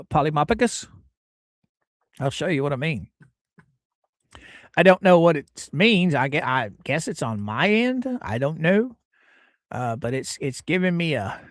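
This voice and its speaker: A man's voice: on the high side, dry recording, studio quality. A man hosting a casual live stream, chatting and greeting viewers by name while hedging on legal details. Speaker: livestream host.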